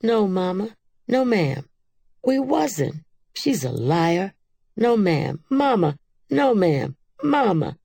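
A woman's voice: expressive, measured pace, mellow, breathy edge, no room sound, clean studio sound. A woman doing an eager, indignant little girl. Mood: pleading. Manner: high, pleading and indignant.

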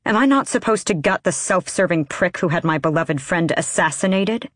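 A woman's voice: fairly low pitch, moderate pace, no echo, clean studio sound, close to an everyday voice. A woman reading the part of a cold, defiant young woman assassin with a cutting, sardonic manner. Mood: bitter.

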